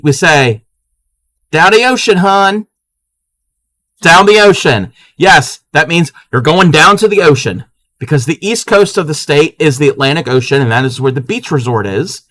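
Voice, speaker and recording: Guy doing a chill craft livestream, kinda high voice, bounces all over the place, talks to chat a lot. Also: animated, normal speed, sharp tone, no room sound. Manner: chatty and playful, laughs often, trails off. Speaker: live-stream crafting host. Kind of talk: casual live-stream chat, reading viewer comments.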